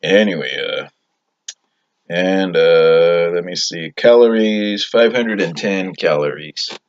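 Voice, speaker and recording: A man's voice: sits low, takes it slowly. A man hosting a comic food review in a tough-guy persona, hesitant and rambling with a repeated "yo". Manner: hesitant, rambling, lots of fillers, "yo" catchphrase. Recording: dull lo-fi audio, faint hiss.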